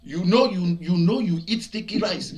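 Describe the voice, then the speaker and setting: A man with a Nigerian accent preaching as a pastor, telling stories in an animated way that bursts into shouts and laughter. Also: high voice, normal speed. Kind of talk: preaching to a broadcast audience.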